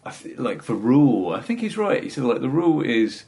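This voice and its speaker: A man's voice: medium pitch, big pitch swings, vocal fry, a little mellow. A man with a middle-class English accent tinged with South East London, a stand-up comedian chatting and rambling on a podcast. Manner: rambling, self-deprecating, halting restarts. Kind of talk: casual podcast chat.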